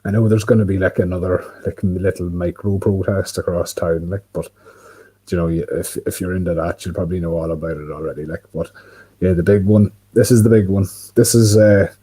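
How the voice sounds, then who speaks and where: Here a man speaks in a deep, dark voice with a breathy edge, steady in tone and a little fast, though the audio is poor. He's a livestream host from Ireland, rambling casually to himself beside an indoor window with lots of fillers and cursing.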